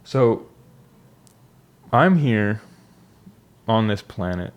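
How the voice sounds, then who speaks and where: Young guy, lowish voice, rambly reflective vlog talk, lots of ums. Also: lively intonation, drawn-out words, lo-fi sound. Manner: reflective, rambling with restarts and fillers. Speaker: vlogger. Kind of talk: casual personal monologue.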